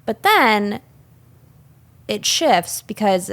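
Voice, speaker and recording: Woman podcast co-host, lively pitch, casual film chat, small room mic. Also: extremely slow. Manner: animated, recounting scenes with quoted lines. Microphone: studio microphone.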